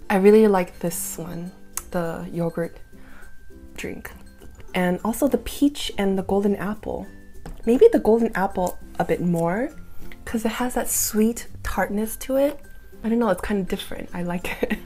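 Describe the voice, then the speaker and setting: A woman's voice: medium pitch, normal speed, warm tone, soft background music. A young woman in her twenties chatting casually through a taste-test vlog, thinking aloud with fillers. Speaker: food vlogger.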